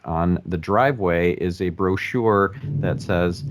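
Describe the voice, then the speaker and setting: Brief: male podcast host, very low voice, slow and measured, faint room noise behind. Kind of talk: relating an anecdote to a guest.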